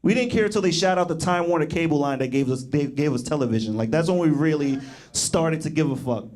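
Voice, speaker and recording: A young man does stand-up in a fairly high voice. He rambles loosely and laughs at his own jokes as he goes. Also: quick pace, a little mellow. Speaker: stand-up comedian. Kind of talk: stand-up comedy.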